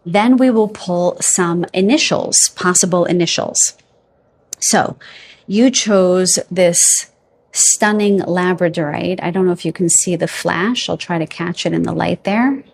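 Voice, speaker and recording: A woman giving a pick-a-card psychic reading to camera, feeling her way through names with hesitations and gently reassuring her viewers. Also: fairly low pitch, a little slow, creaky, husky. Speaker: tarot card reader.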